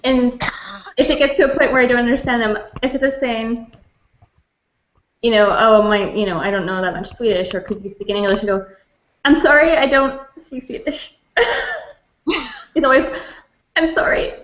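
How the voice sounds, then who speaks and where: A woman's voice: on the high side, normal speed, reverberant, highs cut off. A woman from Canada in a casual book club chat, telling stories with frequent laughter. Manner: laughing, storytelling.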